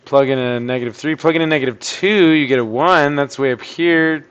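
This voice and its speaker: A man with a slightly high voice, talking through a math lesson for his online class. He thinks out loud in a chatty way and breaks into sudden surprised outbursts as he works the problems. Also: brisk, clear, resonant tone, lo-fi sound. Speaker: math teacher.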